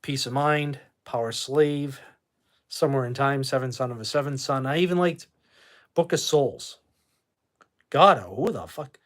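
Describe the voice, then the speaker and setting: A man hosting a casual live stream from his room at home, reading out chat names and firing back short verdicts. He talks bluntly and swears freely, brushing people off with a laugh. His voice sits at an ordinary middle pitch. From Boston. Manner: blunt, profane, quick to dismiss with a laugh. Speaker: livestream host reading chat.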